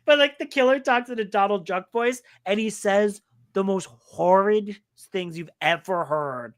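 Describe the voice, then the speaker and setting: A woman's voice: medium pitch, a little slow. A young woman co-hosting a casual chat, rambling with lots of fillers and restarts. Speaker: co-host.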